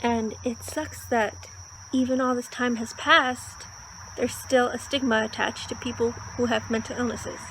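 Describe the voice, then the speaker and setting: A woman's voice: fairly high pitch, fairly even intonation, unhurried, background noise. A woman vlogging casually about a book she is reading, earnest and getting worked up as she talks. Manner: earnest, gets worked up when discussing the book. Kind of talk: casual vlog talk to camera.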